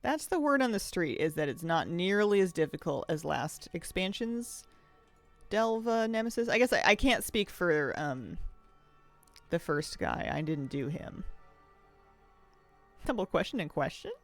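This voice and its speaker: A game streamer talking casually from a home office, chatty and rambling and quick to laugh. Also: mid-range voice, expressive, faint music behind. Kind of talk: casual chat while streaming a video game.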